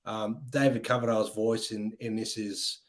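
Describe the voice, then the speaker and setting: A man's voice: fairly low pitch, steady tone, moderate pace. A man hosting a casual music chat show, talking with enthusiasm and rambling with many ums. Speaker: podcast host.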